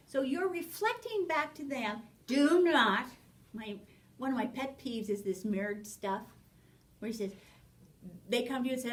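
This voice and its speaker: A woman teaching a parenting class, lively, acting out short exchanges with children as she explains. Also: fairly high pitch, measured pace, far from the mic, a little hiss or hum, rough recording. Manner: animated, acts out little dialogues with children. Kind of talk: spoken class lecture.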